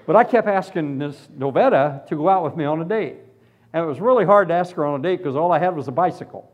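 Animated man telling a funny testimony. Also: on the high side, brisk, long pauses. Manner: animated, self-deprecating storytelling. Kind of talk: humorous sermon testimony. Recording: dull lo-fi recording.

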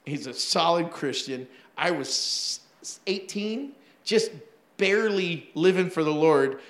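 A man's voice: a little high, a bit bright, reverberant. A man preaching a sermon as pastor, telling stories animatedly with laughs and acted-out asides.

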